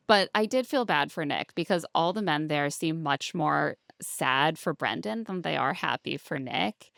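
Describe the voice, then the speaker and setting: Sarcastic woman with a gravelly low voice. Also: moderate pace, hardly any pauses, a bit bright, dry recording, studio quality. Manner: sarcastic, mocking quotes of cast, laughs often. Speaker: podcast co-host. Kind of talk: casual recap chat.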